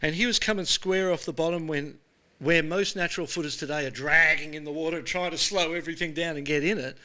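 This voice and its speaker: Man, Australian accent, 60s, animated storyteller, bright tone, casual chat. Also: fairly high pitch, a little fast. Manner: animated storyteller, says "mate" often. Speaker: show host being interviewed.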